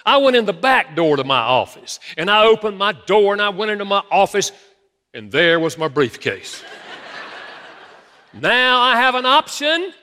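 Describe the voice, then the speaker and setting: A man preaching a sermon to his congregation, telling stories from his own marriage in a lively storytelling manner. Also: high-pitched, normal speed. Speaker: pastor. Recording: long reverb of a large hall.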